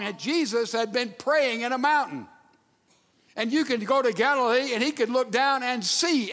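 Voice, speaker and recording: A man preaching a sermon with emphatic delivery and dramatic pauses. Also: extremely high pitch, fairly bright tone, long reverb tail. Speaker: pastor.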